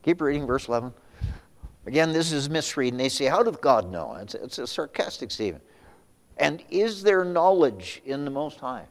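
A man's voice: fairly high pitch, lively intonation, normal speed, in a large hall. A male pastor preaching a sermon, swinging between raised emphasis and sudden whispers, often repeating words as he restarts.

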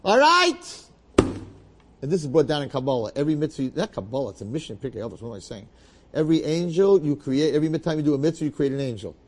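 Animated male storyteller. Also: mid-range voice, fast, slight background noise. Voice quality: bearded, uses Yiddish and Hebrew terms. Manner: lively, repetitive phrasing, dramatic asides.

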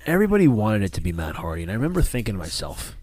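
A man co-hosting a casual podcast chat, talking in an animated, rambling way with many restarts. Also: lowish voice, racing, no room sound, clean studio sound. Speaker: podcast co-host.

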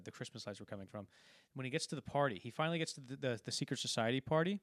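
A man's voice: mid-range voice, racing, few pauses, no echo, studio quality. A man casually talking through a film, rambling and acting out quoted lines as he retells scenes. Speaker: podcast co-host.

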